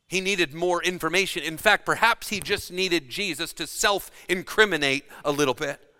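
A man preaching a sermon with dramatic shifts between loud emphasis and hushed delivery. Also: fairly high pitch, animated, measured pace. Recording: long reverb of a large hall.

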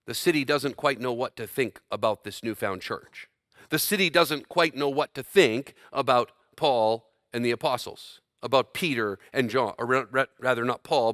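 A man preaching a sermon from scripture, his delivery swinging between loud emphatic bursts and quiet, slowed passages. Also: mid-range voice, no echo, clean studio sound.

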